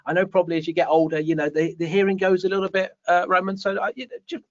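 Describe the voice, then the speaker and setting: Teasing high-voiced man. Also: fast. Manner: jokey, teasing, animated storytelling. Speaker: podcast co-host reading viewer comments. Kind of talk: casual live show chat. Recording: dull, dry lo-fi stream audio.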